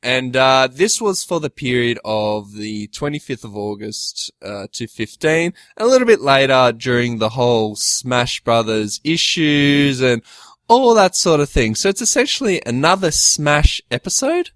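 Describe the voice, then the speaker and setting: A man's voice: medium pitch, very animated, a little slow, fairly bright tone, no room sound. A young man hosting a podcast in casual, joking chat, giggly and crude. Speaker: podcast host.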